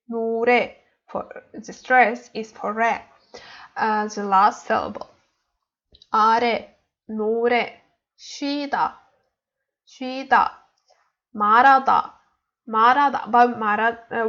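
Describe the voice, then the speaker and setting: A woman's voice: a little high, fairly bright tone, muffled recording. A woman teaching a Korean language lesson online, speaking hesitantly with many fillers and repeating words for practice.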